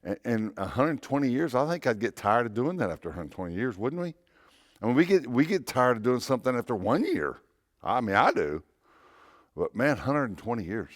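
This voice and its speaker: A man's voice: medium pitch, very animated, brisk, dry recording, clean studio sound. A man, a pastor, preaching a conversational sermon in church, repeating phrases and asking rhetorical questions.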